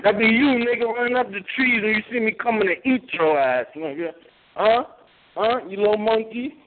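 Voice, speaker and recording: A male host trash-talking in crude, profane banter, loud and taunting. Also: high-pitched, a little fast. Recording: tinny phone-line sound with faint noise.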